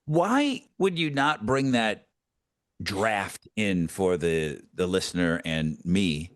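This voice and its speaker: A man's voice: low-pitched, expressive, slow, dry recording. A man co-hosting a podcast, chatting casually and needling his partner with teasing questions. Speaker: podcast co-host. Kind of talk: casual chat.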